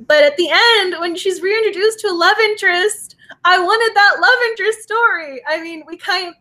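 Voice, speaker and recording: Gushing, excitable woman co-host with a high voice for a book talk show. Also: moderate pace. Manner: gushing, laughs often, restarts. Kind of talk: casual book discussion.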